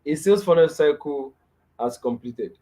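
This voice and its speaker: A young Nigerian man presents a live webinar lesson over a video call. His voice sits a little high, and he leans on repetition, circling back to his key phrases and checking in with the audience as he goes. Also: lively intonation, moderate pace, dark tone. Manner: repeats key phrases for emphasis, asks "right?" often. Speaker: webinar speaker.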